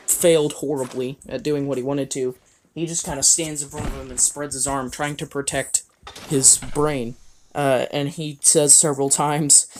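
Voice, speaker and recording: A man's voice: medium pitch, noisy background. Man rambling through a game story. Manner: rambling, with frequent fillers and chuckles. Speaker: player recounting a game. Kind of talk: casual storytelling.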